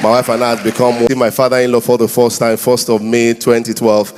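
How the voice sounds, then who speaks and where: Nigerian guy doing comedy at a church event, mid pitch, big echoey hall. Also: brisk. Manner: lively, prompting the crowd to clap and shout. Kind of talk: live stand-up storytelling. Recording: reverberant hall with faint noise.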